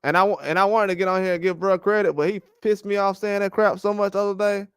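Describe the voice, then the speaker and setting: High-voiced man ranting about boxing. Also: fast, smooth, no room sound, clean studio sound. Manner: animated, rambling trash talk with frequent laughs. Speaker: boxing channel host. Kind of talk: casual boxing commentary livestream.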